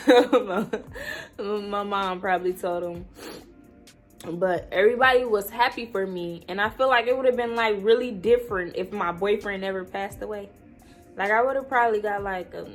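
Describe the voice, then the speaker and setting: Tearful young woman vlogger. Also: lowish voice. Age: 20s. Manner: tearful, laughing through tears, rambling with many fillers. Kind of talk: emotional storytime.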